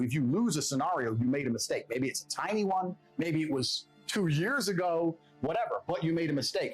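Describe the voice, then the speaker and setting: Fast, animated man giving blunt motivation. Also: on the high side, husky, low-quality recording. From England. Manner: blunt, profane, self-assured. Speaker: podcast guest. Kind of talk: motivational monologue.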